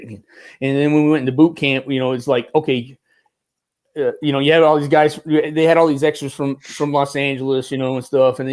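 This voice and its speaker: Interviewed casually as a guest, an ex-Marine turned military advisor for films spins lively stories in a fairly high voice. The middle-aged man talks loosely, laughing a lot, stumbling into restarts, and imitating the characters he describes.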